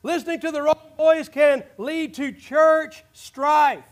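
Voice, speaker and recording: Taking it slowly, a very high-voiced man preaches with passion as pastor in a church sanctuary, seemingly at a service with a congregation present. His delivery moves from near shouts to quiet, low asides.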